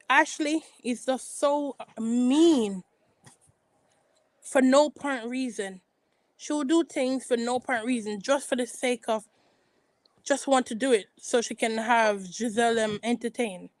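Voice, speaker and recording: Woman recap vlogger, higher-pitched, dry close sound; casual, gossipy, rambling delivery. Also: no room sound, rough recording. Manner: rambling, gossipy, frequent restarts. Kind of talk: casual chatty commentary.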